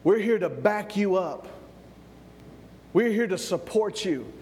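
A man's voice: sits high, animated, takes it slowly, darkish tone, long reverb tail. A man from the American South, preaching a sermon as pastor, stumbling over repeated words and asking for amens. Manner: repeats words when building up, calls for amens. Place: church.

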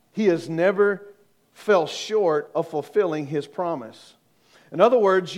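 High-voiced joking preacher. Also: male voice. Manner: conversational, joking, asks the congregation questions. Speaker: pastor. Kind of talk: sermon.

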